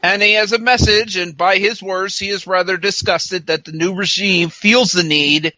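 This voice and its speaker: In casual chat, a male podcast co-host recaps a wrestling show, sarcastic and quick to mock, laughing a lot and quoting wrestlers in mock voices. His voice is high and steady with a sharp edge, captured in a dry, lo-fi recording.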